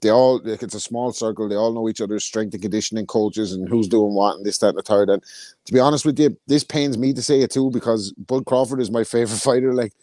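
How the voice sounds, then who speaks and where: Blunt, swearing man, low voice. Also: warm tone, no echo. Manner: blunt, heavy swearing, rapid opinionated rants. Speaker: podcast co-host. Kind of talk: casual chat.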